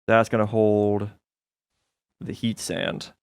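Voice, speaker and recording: A man's voice: lowish voice, level tone, takes it slowly, gravelly, smooth, no echo, studio quality. Self-mocking man narrating his gameplay. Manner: self-mocking, thinking aloud, laughs at himself. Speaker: streamer playing a modded game. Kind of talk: casual gameplay commentary.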